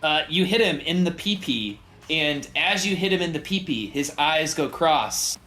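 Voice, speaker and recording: A man running a tabletop game as game master, relaxed and jokey. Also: on the high side, normal speed, soft background music. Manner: relaxed, jokey, voices bandits in passing.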